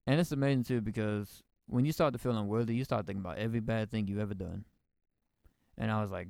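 Emotional young man with a gravelly voice. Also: lowish voice, a little fast, darkish tone, dry recording, clean studio sound. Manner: emotional, rambling, slangy with many restarts. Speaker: podcast host. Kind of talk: casual personal storytelling.

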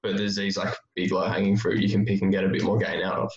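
A man with a lowish voice chats casually about training and fills his sentences with loose fillers. He sounds like he is in a roomy space. The sound is a little muffled and dull. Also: quick pace, slight background noise. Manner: relaxed, thinks aloud with many fillers. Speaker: strength coach. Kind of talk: casual podcast chat.

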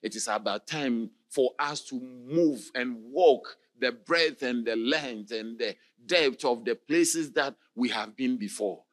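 A man preaching a passionate sermon, moving between quiet talk and shouted exclamations. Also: mid-range voice, takes it slowly, hardly any pauses.

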